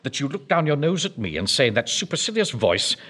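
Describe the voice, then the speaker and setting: A pompous, self-important bank manager in a period sitcom. His voice is bright and forceful, rising and falling a lot as he gives orders. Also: mid-range voice, sing-song, fast, slight background noise. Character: pompous middle-aged male bank manager and platoon officer.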